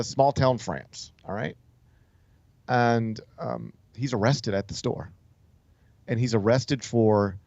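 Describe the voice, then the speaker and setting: A man's voice: medium pitch, no echo, lo-fi sound. A male talk show host telling a story in a casual, rambling way, with many fillers and restarts. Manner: loose, rambling delivery full of "like" and "um", with frequent restarts. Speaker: sports radio host.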